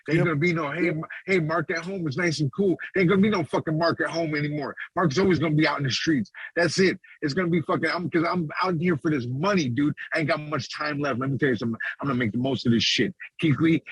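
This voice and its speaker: A man's voice: a little high, quick pace, hardly any pauses, slightly rough, no room sound, low-quality recording. A man co-hosting a podcast, talking in a fired-up, profane, preachy way. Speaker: podcast co-host. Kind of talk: casual podcast chat.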